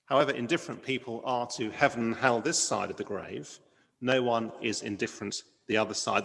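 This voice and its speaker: In a big-room acoustic, a man with a gravelly mid-range voice preaches an earnest sermon. He asks rhetorical questions, leans on key words, and shifts his loudness for emphasis.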